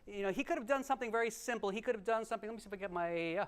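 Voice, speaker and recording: A man teaching a remote piano masterclass, encouraging and animated, with quick restarts and sung rhythms. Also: sits high, clean tone. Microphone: remote livestream mic.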